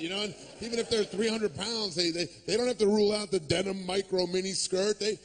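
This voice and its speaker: A man's voice: sits high, steady tone, fairly quick, hardly any pauses, slight background noise. A man performing a stand-up comedy set, sarcastic and ranting, cursing freely and acting out the people he quotes. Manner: profane.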